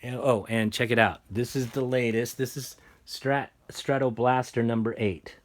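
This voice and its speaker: A man casually telling a story and showing off his guitars at home, rambling and animated. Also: mid-range voice, moderate pace, reverberant. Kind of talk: casual storytelling and show-and-tell. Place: room at home, guitar workshop.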